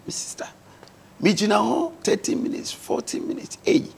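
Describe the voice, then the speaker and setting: A man's voice: high voice, sing-song, normal speed, creaky, breathy edge, whispered. A man with a Ghanaian accent, a guest on a talk show, earnestly telling his life story and mixing English words into his speech.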